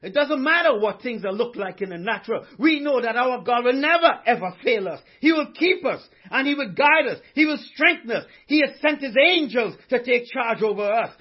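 A man's voice: extremely high pitch, expressive, moderate pace, hardly any pauses, husky, muffled recording. A male pastor preaching a sermon, fervent and repetitive, stressing each line with conviction. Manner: fervent, repeats lines with conviction.

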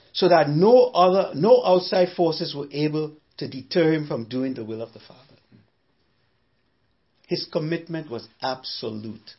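A man's voice: fairly high pitch, lo-fi sound. A man preaching a sermon, emphatic, repeating his phrases and firing off rhetorical questions.

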